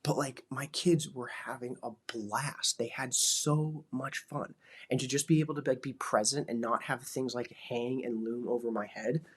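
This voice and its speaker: A man in his thirties talks casually as a father, his voice slightly husky and pitched in the middle range. He rambles loosely, piling filler words into his sentences as he reflects. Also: steady tone, moderate pace. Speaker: vlogger, father.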